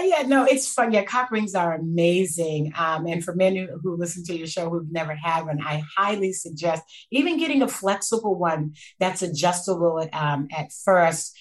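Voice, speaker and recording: Animated, laughing woman telling stories. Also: on the low side. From Canada. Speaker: guest, sex educator. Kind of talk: casual chat.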